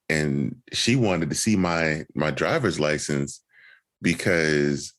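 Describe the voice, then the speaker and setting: A man with an extremely deep, low voice, hosting a podcast. He tells stories in a relaxed, reflective way in casual conversation. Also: slow. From Alabama. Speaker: podcast host. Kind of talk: casual chat.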